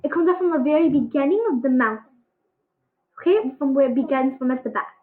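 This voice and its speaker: A woman giving a casual pronunciation lesson on letter sounds, halting and full of fillers, encouraging her students. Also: high voice, animated. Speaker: Arabic alphabet teacher. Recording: echoey, tinny phone-like sound.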